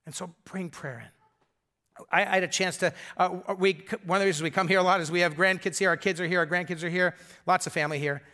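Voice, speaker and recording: An older man, a grandfather, preaching a sermon in a conversational, storytelling way that often drops to soft, intimate tones. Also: sits high, fairly even intonation, brisk. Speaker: pastor.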